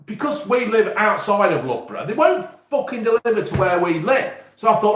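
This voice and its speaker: A man's voice: high-pitched, sing-song, fast, few pauses, a bit bright, reverberant. A man with an East Midlands English accent, rambling and swearing casually as he chats to viewers on his live stream. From England. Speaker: YouTube host.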